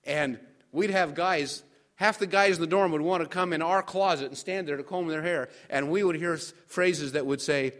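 An older man preaching in a relaxed, folksy way, telling stories from his ministry and turning to the congregation with questions. His voice sits a little high for a man. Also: moderate pace. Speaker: pastor. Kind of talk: storytelling sermon.

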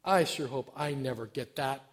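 A man voicing a very old, bossy woman who calls out loudly in a joke told during a sermon. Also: medium pitch, moderate pace, close to an everyday voice. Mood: smug. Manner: loud, called out up the stairs.

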